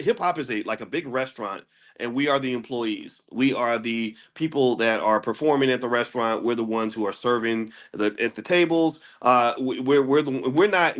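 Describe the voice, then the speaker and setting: A man hosting a daily finance class. He talks in a casual lecture style, often restarts and repeats words, asks rhetorical questions, and jumps to a high pitch when he makes a point.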